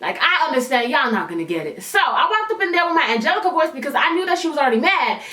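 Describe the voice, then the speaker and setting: A sassy woman vlogger tells her story in an animated, slangy way. Her voice sits high and sounds bright and sharp, and it bounces around an echoey room. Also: fast talker. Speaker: YouTuber. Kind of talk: storytime vlog.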